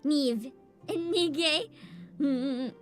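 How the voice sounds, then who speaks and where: A woman's voice: sits high, drawn-out words, faint music behind. A woman in her twenties streaming casually as a VTuber, greeting chat by name, laughing often and swearing freely. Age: 20s. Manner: reads out and greets chat names.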